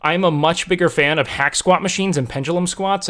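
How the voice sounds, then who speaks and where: A young man with a somewhat high voice runs a live stream and answers viewers' questions about lifting. He explains things knowledgeably but rambles, packing his talk with "like" and restarted phrases. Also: fairly quick, hardly any pauses, a bit bright.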